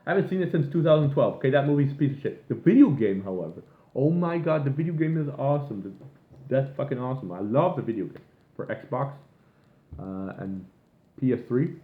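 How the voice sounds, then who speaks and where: A man's voice: medium pitch, expressive, brisk, phone-quality sound. Guy ranting and cursing, rambling on, echoey room, sounds like a phone mic. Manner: rambling, profane, exasperated. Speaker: vlogger. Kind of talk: casual rant.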